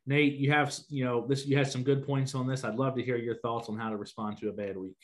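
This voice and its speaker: A man's voice: mid-range voice, level tone, fast talker. A man hosting a podcast, explaining steadily and steering the conversation. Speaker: podcast host. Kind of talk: casual podcast talk.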